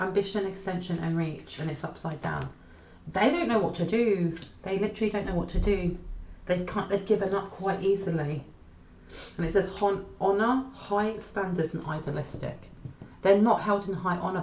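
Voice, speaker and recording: A woman giving a tarot reading aloud, exclaiming and repeating questions as she turns cards. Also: lowish voice. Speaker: tarot reader. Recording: dull, echoey room with faint noise.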